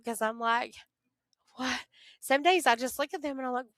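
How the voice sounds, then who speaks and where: Woman teacher, heartfelt and animated, close dry mic. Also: high voice, normal speed, pauses often, no echo. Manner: earnest, animated storytelling, acts out voices of kids. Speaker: teacher, podcast guest. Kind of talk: casual interview chat.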